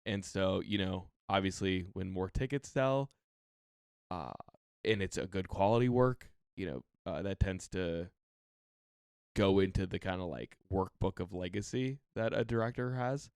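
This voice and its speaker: A man's voice: low voice, measured pace, a little mellow, smooth, no echo, clean studio sound. A young man co-hosting a podcast, rambling casually with lots of fillers. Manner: rambling, filler-heavy, easygoing. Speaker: podcast co-host. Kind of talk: casual chat.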